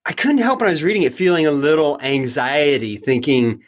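Male podcast host, casual interviewer, self-deprecating and quick with asides. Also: a little high.

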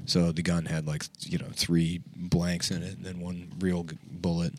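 Deep-voiced joking podcast host, a man. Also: level tone, normal speed, a little mellow, slight background noise. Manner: joking, slips into impressions. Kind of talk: casual chat.

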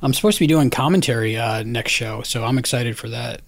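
Guy hosting a podcast, rambly, lots of uh and like, mid pitch, dry close sound. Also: fairly quick, creaky, dry recording. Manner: rambling, many fillers and restarts. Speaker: podcast host. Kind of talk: casual chat.

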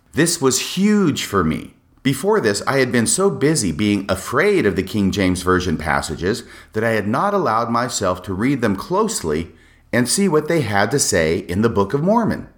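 A man hosting a solo podcast, explaining scripture passages in a measured way with wry asides. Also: fairly low pitch, fairly bright tone. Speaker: podcast host.

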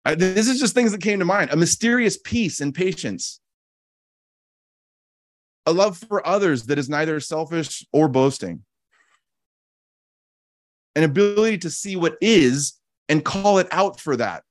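A man's voice: fairly high pitch, animated, a little slow, pauses often, no echo, studio quality. A man giving a reflective teaching talk as a podcast host, earnest and repeating key phrases for emphasis, with casual restarts. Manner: frequent restarts and casual fillers.

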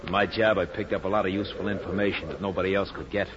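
A man's voice: low-pitched, steady tone, very fast, a crowd in the background, natural voice. A man playing a vain, theatrical informer in a 1940s radio drama, dramatic and self-mocking. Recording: dull old radio broadcast.

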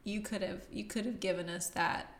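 A woman's voice: mid-range voice, fairly even intonation, normal speed, reverberant. A woman co-hosting a casual movie review chat, laughing often and trailing off mid-sentence. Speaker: podcast co-host.

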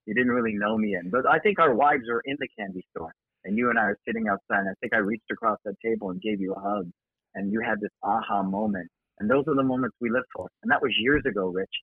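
A man guests on a podcast and speaks earnestly and encouragingly, rattling along quickly. His voice has a gravelly texture. It comes through a tinny, narrow, phone-like line. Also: on the low side, dry recording. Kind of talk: casual podcast chat.

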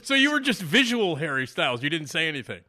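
A man's voice: on the high side, sing-song, fast, bright, forceful tone. A man hosting a podcast interview, asking enthusiastic, chatty questions. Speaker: podcast host.

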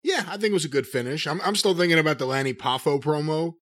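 A man's voice: on the high side, fast, fairly bright tone. A man co-hosting a wrestling podcast, chatting casually and joking with frequent laughs. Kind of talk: casual chat about wrestling.

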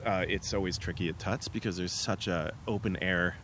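A man interviewing a guest at an outdoor theatre venue, relaxed, asking short questions with "um" pauses. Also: deep voice, slight background noise. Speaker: interviewer and show musician. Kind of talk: casual interview chat.

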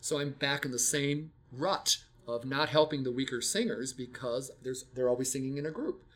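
An older man speaking at an ordinary middle pitch, in a relaxed teaching conversation. He shares stories from a long career in music education, often restarting a sentence as he thinks. His manner is reflective and unhurried. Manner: reflective, storytelling, frequent restarts. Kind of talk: casual teaching talk.

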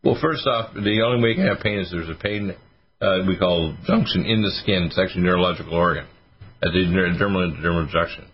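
A man's voice: sits low, fast. A man, a doctor and regular host, answering listener questions on a call-in radio show, rambling through long lists with many fillers. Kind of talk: casual radio call-in advice. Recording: dull lo-fi radio audio.

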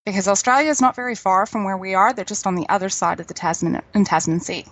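A woman's voice: medium pitch, fast talker, no room sound. A middle-aged woman, chatting as a guest, telling stories and laughing easily. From New Zealand. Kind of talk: casual chat.

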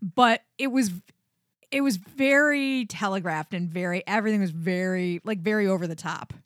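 A woman co-hosting a casual podcast chat, lively and teasing, laughing often. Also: medium pitch, normal speed, dry recording, studio quality. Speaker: podcast co-host.

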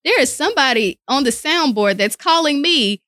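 In a studio interview with a dry recording, a high-voiced woman who works in radio talks at a normal speed. Her casual stories are lively, and she imitates whoever she's quoting.

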